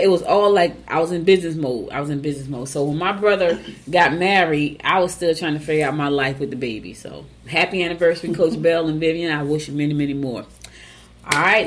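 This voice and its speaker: A woman hosts a morning show in a chatty, casual way. Her voice sits a little low. She speaks straight to her listeners with easy asides. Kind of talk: casual chat and reading horoscopes.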